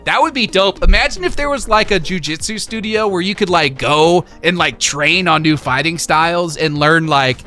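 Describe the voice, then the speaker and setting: A man hosting a casual livestream, reading chat and reacting in an animated, hype-driven way with lots of filler words. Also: a little high, moderate pace, few pauses, faint music behind. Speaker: livestream host.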